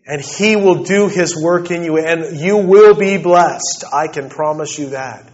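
A man preaching a sermon, dropping to soft, slow assurances and then building to fervent, rising declarations. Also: a little high. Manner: swings between soft, slow, intimate passages and rising, fervent ones. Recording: dull lo-fi recording.

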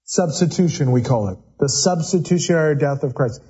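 A man's voice: fairly high pitch, animated, fairly quick, mellow, slightly rough, highs cut off. A man preaching a sermon in a church sanctuary, talking in a loose, conversational way and often repeating words as he goes. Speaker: pastor.

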